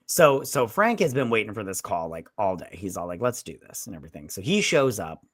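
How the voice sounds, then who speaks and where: A man's voice: fairly low pitch, sing-song, a little fast, fairly bright tone, breathy edge, no room sound, studio quality. A man co-hosting a casual movie review chat, rambling and retelling scenes with a lot of "he's like.". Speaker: movie review podcast co-host.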